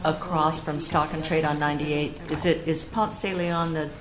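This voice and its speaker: A woman with a very low voice, quietly asking questions in a meeting. The room echoes and steady noise runs under her. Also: normal speed. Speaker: board member. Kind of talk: meeting discussion.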